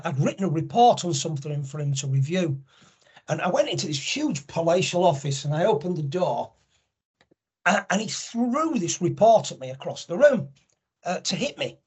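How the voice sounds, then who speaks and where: A man's voice: sits high, breathy edge. A middle-aged man talking candidly as a podcast guest, telling stories with lots of restarts. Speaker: podcast guest, angel network founder. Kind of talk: conversational storytelling.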